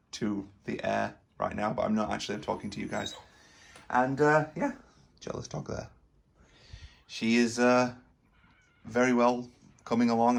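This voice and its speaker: A man with a hoarse, raspy voice, chatting casually in a gaming vlog and rambling with many fillers. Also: lowish voice. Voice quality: raspy, gravelly. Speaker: vlogger.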